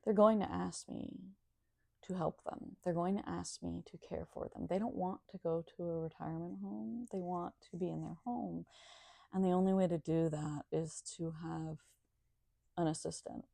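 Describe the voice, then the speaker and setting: A woman's voice: on the low side, steady tone, normal speed, gravelly, warm tone, dry recording. A woman talking in a casual monologue, sardonic and profane.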